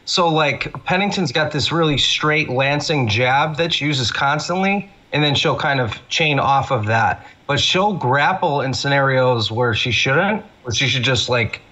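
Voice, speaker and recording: Man, podcast guest, rambling casual breakdown, bright tense voice, many fillers. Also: medium pitch, lively intonation, a little slow, few pauses. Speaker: guest analyst. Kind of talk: casual fight analysis.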